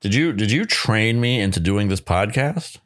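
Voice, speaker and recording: A man co-hosting a podcast in casual chat, halting with many restarts and self-deprecating asides. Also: lowish voice, expressive, no echo, clean studio sound. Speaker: podcast co-host.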